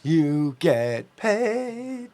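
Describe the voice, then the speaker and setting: A man's voice: on the high side, sing-song, very slow, dark tone. A man co-hosting a casual sports podcast, rambling and self-deprecating as he reads listener emails. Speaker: podcast co-host, email reader.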